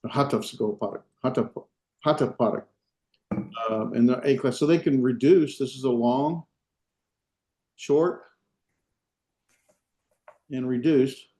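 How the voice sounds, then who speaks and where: A man teaching a language class in a lecture, unhurried and full of fillers and restarts as he explains step by step. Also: mid-range voice, dark tone. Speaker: Hebrew instructor. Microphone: video call.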